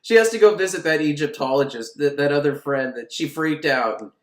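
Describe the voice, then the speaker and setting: A man's voice: fairly high pitch, a little fast. A man casually and sarcastically recapping an old film, swearing and laughing, in an echoey room.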